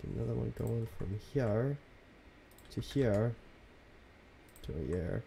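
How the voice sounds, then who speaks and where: A young man streaming a city-building game from his home computer, chatting casually with viewers in a soft, half-whispered, laid-back way. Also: mid-range voice, lively intonation, slow, vocal fry, slight background noise. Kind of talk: casual live-stream commentary.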